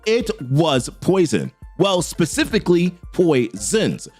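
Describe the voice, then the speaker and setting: A man's voice: a little high, sing-song, slow pace, a little mellow, soft background music, heavily acted. A man reading as a clinical alien scientist. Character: precise alien forensic scientist, male, clinical.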